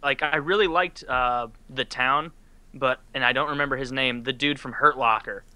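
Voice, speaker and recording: Brief: outspoken man, bright ringing voice, dry close sound, swears casually on a video call. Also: medium pitch, moderate pace, smooth, no room sound. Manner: blunt, opinionated, swears freely. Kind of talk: casual chat.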